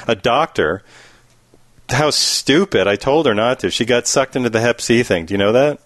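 A man hosting a talk radio show, telling a story in an animated, rambling, emphatic way. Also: medium pitch, normal speed, no room sound. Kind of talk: casual talk radio chat.

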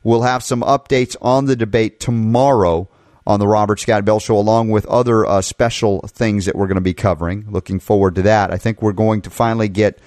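A man's voice: fairly low pitch, steady tone, brisk, darkish tone, no room sound. A man hosting a talk radio show, delivering an impassioned monologue full of rhetorical questions, into a studio mic.

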